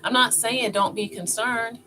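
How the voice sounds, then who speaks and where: A woman's voice: fairly high pitch, a little slow. Chatty woman vlogger over background music. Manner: chatty, animated, laughs often. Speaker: wellness vlogger. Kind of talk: casual talk to camera. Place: indoor filming setup with two cameras. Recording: clear music playing behind.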